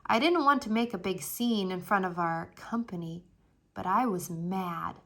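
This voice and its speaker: A woman reading a children's chapter book aloud in an expressive storytelling way. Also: mid-range voice, a little slow.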